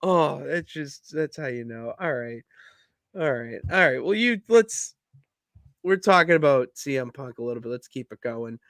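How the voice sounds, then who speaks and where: A man co-hosting a wrestling podcast, chatting casually and telling stories in an animated way. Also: medium pitch, moderate pace, no room sound, studio quality. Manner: animated storytelling, bursts into loud laughs. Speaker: podcast co-host. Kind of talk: casual chat.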